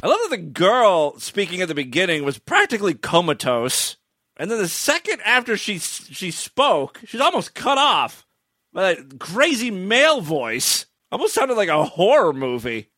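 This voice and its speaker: Male comedy host, high and animated, sarcastic, dry close mic. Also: dry recording. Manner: dry sarcastic asides with filler pauses. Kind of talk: deadpan comedic monologue.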